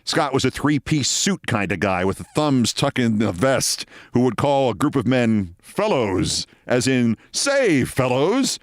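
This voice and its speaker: A man's voice: mid-range voice, unhurried, few pauses, dry recording, studio quality. A man hosting a show, telling a long personal story and acting out the people in it. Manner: lively anecdote-telling, acting out quoted people. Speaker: host. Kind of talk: storytelling monologue.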